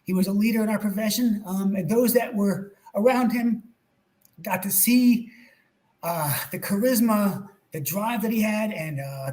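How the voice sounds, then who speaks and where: New york guy, higher voice, gets emotional telling stories, repeats himself a lot. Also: low-quality recording. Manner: animated, emotional storyteller, frequent repeats. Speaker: guest chiropractor. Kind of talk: podcast interview storytelling.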